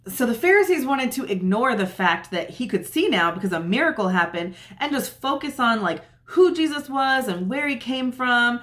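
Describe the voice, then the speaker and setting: A woman's voice: fairly high pitch, animated, normal speed, hardly any pauses, fairly bright tone. A woman retelling a Bible story in a chatty, casual way, often saying "like" and acting out what the characters say. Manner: chatty, uses "like" often, acts out quotes. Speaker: Bible teacher.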